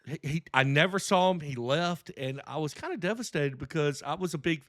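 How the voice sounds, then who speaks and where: A middle-aged Southern man spins a story for his co-hosts in casual chat, his voice sitting a little high and swinging widely up and down. He laughs readily between lines. The sound is dry and close to the mic. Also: brisk, dry recording. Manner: animated storytelling, laughs often. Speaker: podcast co-host.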